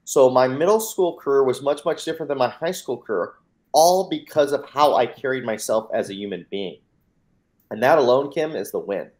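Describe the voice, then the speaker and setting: A man's voice: mid-range voice, animated, moderate pace, a little mellow. Man, American, mindset coach, interview guest, emphatic storytelling, acts out dialogue, repeats words. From United States. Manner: repeats words when starting.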